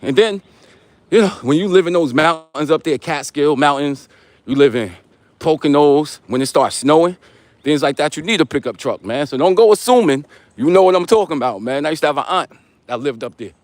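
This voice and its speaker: Walking while he live-streams, a New York man in his forties reads comments and ribs his viewers in street slang. He speaks a little fast in a slightly high, expressive voice, and there's no room sound.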